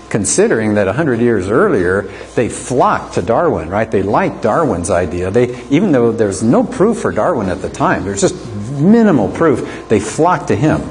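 A man's voice: medium pitch, darkish tone, slight background noise. Man lecturing a class with questions. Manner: conversational, asks rhetorical questions. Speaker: teacher of an apologetics class.

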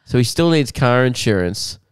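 Joking man, smooth clear voice. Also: medium pitch, lively intonation, normal speed, no echo, clean studio sound. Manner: joking, mock teacher rants. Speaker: podcast co-host. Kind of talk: casual chat.

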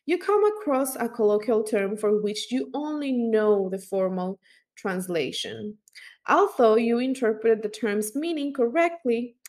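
A woman's voice: on the high side, darkish tone. A woman teaching as an instructor, explaining step by step with fillers and small self-corrections. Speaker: language instructor.

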